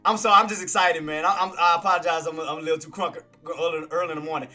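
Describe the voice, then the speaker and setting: Excited high-voiced man streaming trades. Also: quick pace, hardly any pauses, soft background music. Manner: excitable and boastful, repeats himself. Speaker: day-trading streamer. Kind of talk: live trading commentary.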